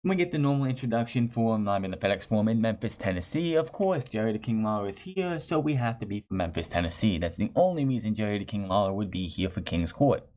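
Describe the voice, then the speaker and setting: A man's voice: on the low side, lively intonation, quick pace, few pauses, darkish tone. A man reviewing a wrestling show in a chatty, sarcastic way, often restarting his phrases. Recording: dull lo-fi recording.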